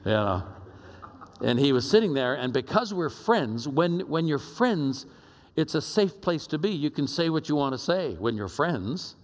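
A man giving a sermon in a conversational, storytelling way with lively asides. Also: on the high side, measured pace. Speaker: speaker. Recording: long hall reverb.

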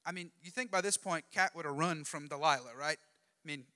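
Man, preacher, high and bright, chatty and jokey storyteller, long hall reverb. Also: moderate pace. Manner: lively, conversational, jokey. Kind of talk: sermon storytelling.

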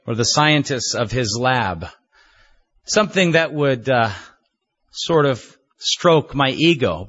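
A man preaching a sermon as a pastor, earnest and measured, leaning on repeated phrases for emphasis. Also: mid-range voice, a bit bright, husky, lo-fi sound.

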